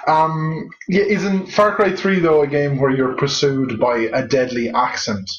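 A man's voice: fairly high pitch, fairly even intonation, unhurried, lo-fi sound. A young man co-hosting a podcast, joking and swearing, often laughing through his words. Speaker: podcast co-host. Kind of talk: casual chat. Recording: echoey room with crowd noise.

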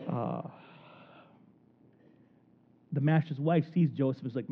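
A man preaching a sermon in an animated storytelling manner, acting out the people in the story. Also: mid-range voice, a little slow, slightly rough. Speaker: pastor. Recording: tinny phone-like recording.

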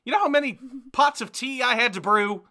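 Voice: medium pitch, very animated, moderate pace, bright, forceful tone, breathy edge, exaggerated voice. A game master voicing a fussy middle-aged mother who rants at her son and then politely hosts his friends. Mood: exasperated scolding.

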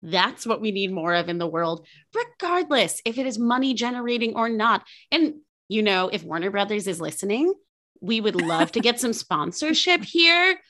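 A woman's voice: mid-range voice, big pitch swings, normal speed, a bit bright. A woman hosting a podcast interview, chatting casually and gushing with enthusiasm. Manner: effusive, enthusiastic. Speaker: podcast host.

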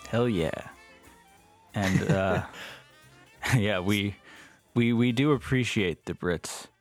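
A man co-hosting a podcast in casual chat, talking in halting bursts full of "like" and restarts. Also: on the low side, soft background music. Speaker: podcast co-host.

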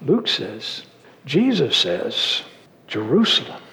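A man's voice: fairly low pitch, moderate pace. A man from New Orleans preaching a sermon, telling a personal story and voicing the people in it, turning emphatic when he urges the congregation. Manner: storytelling, voicing quoted people, dropping to hushed asides; earnest, rising and emphatic when exhorting. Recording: long reverb of a large hall.

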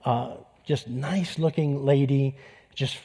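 A man's voice: medium pitch, fairly even intonation, slow pace, warm tone, breathy edge. A man preaching a sermon, telling personal stories in a conversational way. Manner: conversational, storytelling with restarts. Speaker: pastor.

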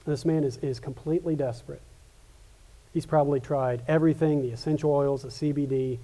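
A male pastor delivers a sermon in an earnest, conversational way, often doubling back on his words. His voice sits a little high for a man. It has a warm, mellow tone. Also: steady tone, brisk. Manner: earnest, with frequent restarts and repetitions.

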